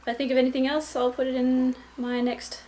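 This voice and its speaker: A woman's voice: sits high, flat delivery, brisk, mellow, a little hiss or hum. A young woman and new mother giving a casual vlog update at home, hesitant, with many ums and restarts.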